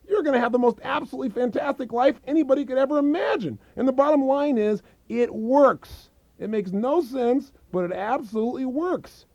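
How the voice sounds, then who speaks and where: A man presenting a self-help program in an emphatic, persuasive infomercial sales pitch. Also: warm tone, dry recording. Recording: dull, dry lo-fi recording.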